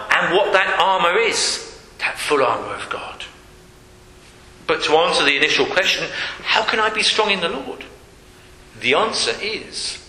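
A man's voice: on the high side, bright, forceful tone. A man preaching a sermon in a church hall, earnest and repeating key phrases for emphasis. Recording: echoey hall with long reverb.

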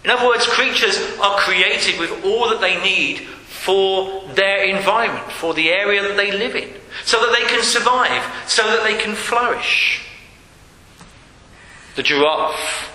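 High, bright-voiced preacher in an echoey hall. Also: male voice, takes it slowly. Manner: earnest, repeats key phrases for emphasis. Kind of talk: sermon. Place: church hall. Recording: echoey hall with long reverb.

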